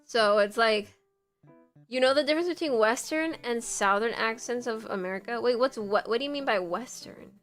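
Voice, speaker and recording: A woman's voice: a little high, moderate pace, a bit bright, soft background music. A woman streamer chatting casually, full of fillers, reacting to a video. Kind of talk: casual live-stream chat.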